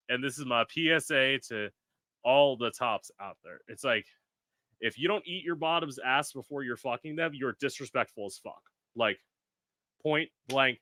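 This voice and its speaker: A man's voice: mid-range voice, bright, forceful tone, no echo, clean studio sound. A man hosting a casual podcast chat, blunt and profane, acting out quotes as he talks. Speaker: podcast host.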